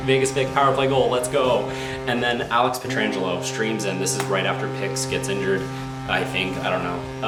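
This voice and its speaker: Exasperated man reacting to hockey, echoey room. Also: lowish voice. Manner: excitable, exasperated, rambling with restarts. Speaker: hockey fan reviewing a game. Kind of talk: casual live game reaction. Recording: echoey room, faint background noise.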